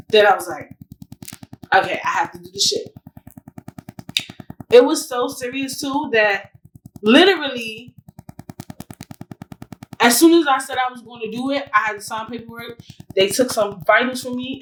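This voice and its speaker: A woman's voice: on the high side, normal speed, a bit bright, slight background noise, low-quality recording. A young woman hosting her own podcast, telling a personal story casually and candidly, swearing freely and acting out what others said to her. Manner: candid, profane, retells dialogue with quoted voices. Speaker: podcast host. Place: apartment in a city, sirens outside.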